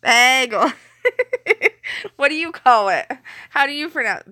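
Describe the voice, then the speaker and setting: A young woman with a Canadian accent talks casually into her phone during a late-night live stream, her voice crisp and bright. She is chatty and quick to laugh, teasing the viewers who type to her from her home kitchen. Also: high voice, lively intonation.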